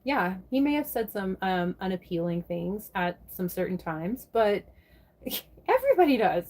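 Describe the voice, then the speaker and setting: Husky, slightly mellow, and mid-range, this U.S. live streamer's voice carries a relaxed chat in which she addresses viewers by name and curses without restraint.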